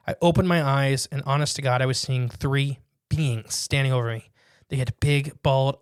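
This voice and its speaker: A man co-hosting a casual podcast, reading a listener's written story aloud and breaking in with quick jokes and asides. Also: mid-range voice, smooth, no echo, studio quality.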